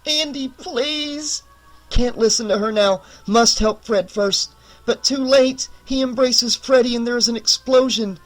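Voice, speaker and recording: A man narrating a horror audiobook in an expressive, emphatic way, sometimes rising into loud cries. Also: very high voice, normal speed, soft background music, poor audio. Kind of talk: dramatic audiobook reading.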